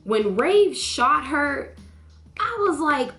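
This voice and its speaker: A young woman vlogging a casual show review, slangy and animated, acting out lines with sudden high jumps in her voice. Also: takes it slowly. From North Carolina, US. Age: young adult. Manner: animated, slangy, acts out quotes with big pitch jumps.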